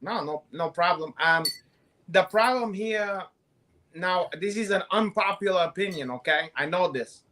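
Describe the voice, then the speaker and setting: A high-pitched man in loose, comedic banter. He peppers every sentence with profanity and tags lines with "kid". He rambles freely as co-host. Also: unhurried, pushed and bright. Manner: swears constantly, calls people "kid", rambling. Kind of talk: casual comedic chat.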